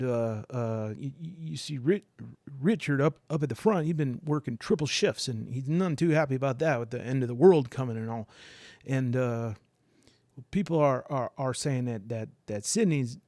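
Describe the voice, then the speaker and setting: A man's voice: medium pitch, normal speed, darkish tone, no echo, studio quality, natural voice. A man voicing a nosy, overfamiliar young man who stammers and rambles. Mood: worried.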